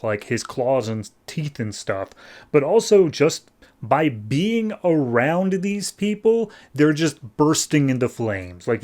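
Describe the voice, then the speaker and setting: Man, podcast host, casual comic book recap, rambling, sarcastic asides, mid-pitched voice.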